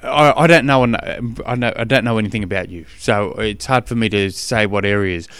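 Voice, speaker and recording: A man's voice: fairly low pitch, moderate pace, a bit bright, clean tone, no room sound. A middle-aged Australian man hosting a podcast, chatting in an easygoing, slangy way about training. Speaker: podcast host and triathlon coach. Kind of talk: casual podcast monologue.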